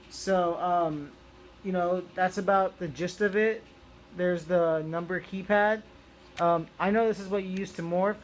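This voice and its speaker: A man's voice: sits high, a little hiss or hum. A young man chatting casually through a toy review, rambling with lots of ums and restarts.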